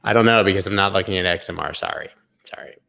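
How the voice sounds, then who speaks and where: A man's voice: deep voice, fast talker, gravelly, bright, forceful tone. A man hosting a live crypto charting stream, rambling sarcastically with tangents and the odd swear. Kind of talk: casual live-stream commentary.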